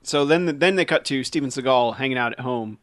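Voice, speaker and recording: A man co-hosting a casual chat, retelling a film's scenes with animated asides. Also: mid-range voice, fairly quick, no room sound, clean studio sound. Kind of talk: casual movie-recap chat.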